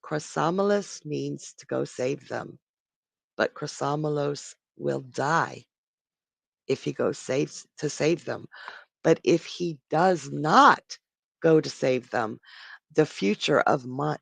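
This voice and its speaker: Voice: mid-range voice, slow pace, vocal fry, a bit bright, no room sound, full character voice. A storyteller doing an earnest messenger god. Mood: worried. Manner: earnest, worried. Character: male messenger god of divination.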